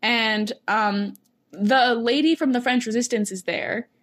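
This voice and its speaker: A woman chatting casually, retelling a story in an animated, rambling way with lots of laughter. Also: a little high, a little slow. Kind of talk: casual chat.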